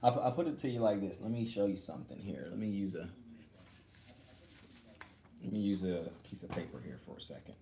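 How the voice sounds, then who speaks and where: Low-voiced man teaching scripture casually. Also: expressive, brisk, long pauses, warm tone, slight background noise. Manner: conversational, repeats himself, demonstrates with a prop. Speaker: Bible teacher. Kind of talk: informal Bible teaching to men. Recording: echoey room with faint ambience.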